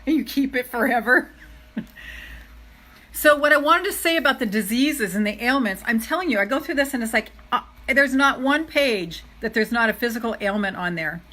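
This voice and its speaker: A woman's voice: mid-range voice, fairly bright tone, low-quality recording. Earnest middle-aged woman coaching viewers. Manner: earnest, emphatic, repeats key phrases; chatty, addresses viewers as "you guys". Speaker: self-love coach. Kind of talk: live motivational talk to viewers.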